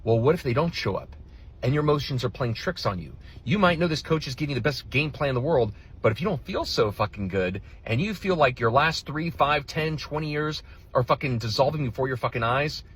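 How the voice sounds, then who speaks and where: A man's voice: mid-range voice, animated, a little fast, husky. A male relationship coach reacting to another video in a blunt, heated, profane rant. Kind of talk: reaction commentary.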